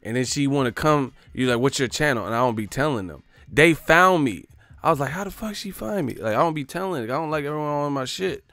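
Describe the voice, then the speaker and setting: A man doing loose, joking boxing commentary for his online channel, in slangy street talk with quick put-on voices. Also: medium pitch, lively intonation, fairly bright tone, no echo. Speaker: boxing YouTuber. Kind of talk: casual comedic boxing commentary.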